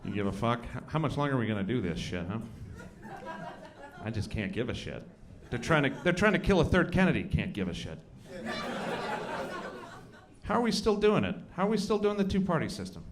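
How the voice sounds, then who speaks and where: A male stand-up comic on a club stage, talking into a handheld mic in a loose, profane, conversational way. His voice sits a little high and swings widely up and down. The live room recording carries clear bursts of audience laughter. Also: very animated, rapid-fire, hardly any pauses, crowd noise. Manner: profane, conversational, rhetorical asides. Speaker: stand-up comedian.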